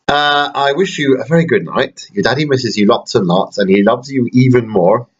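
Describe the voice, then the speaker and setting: A man in his thirties, a father chatting at home in a rambling, gently joking bedtime talk to his baby, with dry asides. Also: lowish voice, expressive, moderate pace, husky, dull audio. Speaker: father recording a bedtime video. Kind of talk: casual bedtime chat to a baby.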